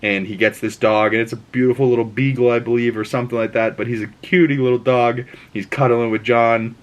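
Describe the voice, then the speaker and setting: A young man giving a casual movie review, rambling and excitable, with plenty of cursing. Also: mid-range voice, fairly quick.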